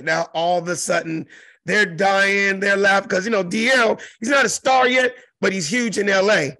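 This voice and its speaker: A middle-aged man from South Central Los Angeles spins a profane stage story with a high, gravelly voice. He leans hard on every word and acts out the crowd around him. The sound is dry and close. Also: steady tone, moderate pace, pushed and bright, no echo. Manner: profane, emphatic, mimics crowd noises. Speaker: interview guest, comedian. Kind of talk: animated storytelling.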